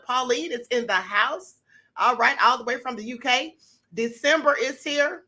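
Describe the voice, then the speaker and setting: A sassy woman hosts a live stream from home, greeting viewers by name and teasing her critics. Her voice sits high and sounds bright and sharp, with a slight hoarseness. She talks in a gossipy, playful way straight into her mic. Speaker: host of a live-streamed talk show. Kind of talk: livestream chat with viewer shout-outs.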